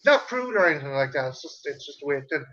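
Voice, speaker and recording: High bright-voiced man telling a story. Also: racing, lo-fi sound. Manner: animated, swearing, acts out family members' voices. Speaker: host. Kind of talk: casual storytelling chat.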